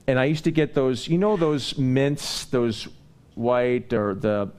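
A man preaching a sermon, telling personal stories in a rambling, conversational way and building into animated preaching. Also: medium pitch, slow.

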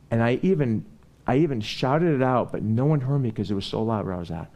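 A man with a mid-range voice and brisk pace preaches, rambling through personal stories like a conversation. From there he builds into animated preaching.

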